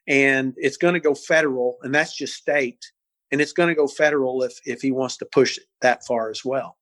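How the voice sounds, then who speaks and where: Animated older man telling stories. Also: mid-range voice, no echo. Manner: animated, repeats words, acts out voices. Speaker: interview guest. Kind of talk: storytelling interview.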